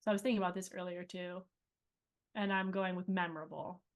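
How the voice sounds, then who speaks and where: A woman's voice: lowish voice, steady tone, brisk. Chatty woman rambling through stories. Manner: chatty, rambling storyteller with many fillers. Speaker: cast member being interviewed. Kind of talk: casual interview chat.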